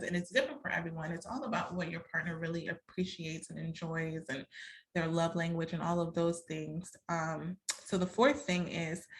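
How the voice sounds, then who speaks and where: A woman hosting a podcast, giving relationship advice in a candid, conversational way and acting out the lines she quotes. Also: on the low side. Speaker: podcast host and relationship coach. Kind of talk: casual advice talk.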